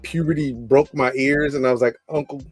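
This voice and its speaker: A man from Maryland co-hosting a podcast in casual chat, laid-back and slangy, often trailing off quietly. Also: mid-range voice, fairly even intonation, fairly quick, no echo, soft background music. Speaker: podcast co-host.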